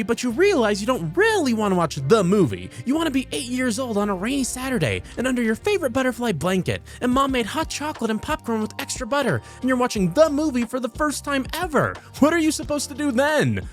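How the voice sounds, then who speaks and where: A man doing a comedic reading of online posts, with an expressive delivery that swings between deadpan and heartfelt. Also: extremely high pitch. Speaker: voice actor reading internet posts.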